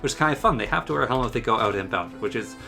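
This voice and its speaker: A man's voice: mid-range voice, expressive, very fast, gravelly, music in the background. A man hosting a game mod showcase, commenting in a chatty, enthusiastic way. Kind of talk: casual gameplay commentary.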